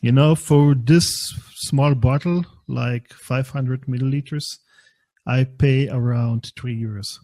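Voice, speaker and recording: Slow-talking man, halting English. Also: mid-range voice, steady tone, mellow. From Slovenia. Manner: slow, halting, non-native English with many fillers. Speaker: guest maker. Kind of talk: casual chat.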